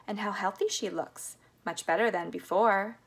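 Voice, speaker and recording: A breezy, eccentric old-fashioned candy maker, brisk and chatty, as a woman reading a storybook puts him on. His voice sits at a middling pitch with a gravelly edge.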